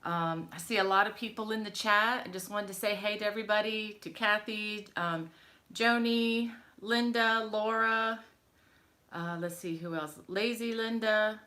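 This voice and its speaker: A woman's voice: medium pitch, fairly even intonation, a little slow. A middle-aged woman hosting a crochet live stream from home, chatting with viewers and greeting them by name. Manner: chatty, warm greetings to viewers, many fillers. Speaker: crochet channel host. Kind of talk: casual live-stream chat.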